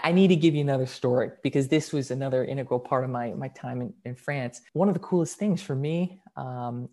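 Young man, podcast guest; lively, enthusiastic storyteller with sudden bursts of energy. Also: fairly high pitch. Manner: animated, excited storytelling with quick bursts. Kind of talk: storytelling in casual conversation.

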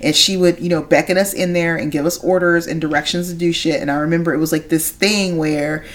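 This is a woman in her thirties co-hosting a podcast in casual chat. She speaks in a lower register and tells lively stories. She acts out the other people in them, and laughter comes through often. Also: brisk. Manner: animated storyteller, acts out quotes, frequent laughter. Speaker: podcast co-host.

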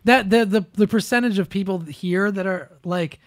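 A man's voice: high-pitched, moderate pace, no echo, studio quality. A man hosting a podcast, ranting sarcastically about the news in casual chat. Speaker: podcast host. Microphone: close studio mic.

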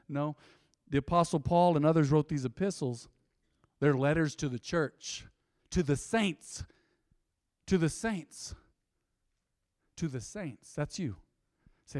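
A man's voice: fairly high pitch, very animated, a little slow, long pauses, darkish tone, no echo, studio quality. A male pastor preaching a sermon, calling for responses from the congregation, joking and laughing, then leading an altar call and praying with rising fervor. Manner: call-and-response, playful with laughs, swelling into fervent prayer.

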